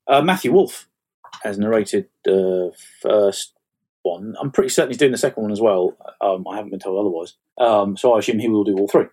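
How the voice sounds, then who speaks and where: A man, a fantasy author chatting as an interview guest, self-mocking and quick to laugh at his own stories. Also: fairly low pitch, a little mellow, breathy edge. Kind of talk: casual interview chat.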